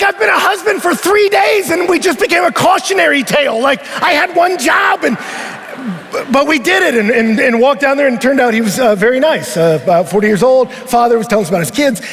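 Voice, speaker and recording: A man preaching at a conference, telling a story in an animated way and sometimes rising to a shout. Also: extremely high pitch. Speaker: pastor. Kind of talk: conference sermon. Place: large arena. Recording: long arena reverb.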